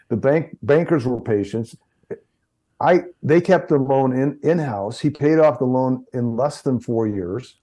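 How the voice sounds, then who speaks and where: In an interview conversation, a middle-aged man who works as a chiropractor shares anecdotes, frequently restarting sentences and repeating himself. He has a mellow, mid-range voice.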